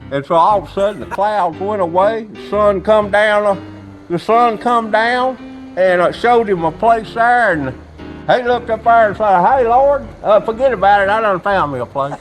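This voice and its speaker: A man's voice: high-pitched, expressive, moderate pace, soft background music, rough recording. A man voicing a folksy country fellow who swaps corny jokes with a drawl. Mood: folksy joking. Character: PeaRoy, folksy country man puppet-style character. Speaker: joke-telling sidekick.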